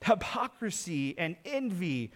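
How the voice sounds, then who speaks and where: Middle-aged male pastor, earnest sermon delivery, slightly higher voice, builds to emphatic peaks. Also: very animated, slow pace. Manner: earnest preaching, swells louder for emphasis.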